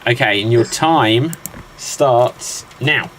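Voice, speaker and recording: A man's voice: medium pitch, slow pace, a bit bright, a little hiss or hum, rough recording. A man hosting a live guessing game, upbeat and teasing, often laughing. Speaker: quiz host.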